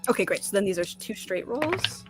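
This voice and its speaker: A woman's voice: mid-range voice, lively intonation, a little fast, music in the background. A woman playing a tabletop game who reads rules aloud and laughs often. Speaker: player. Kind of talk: casual game chat.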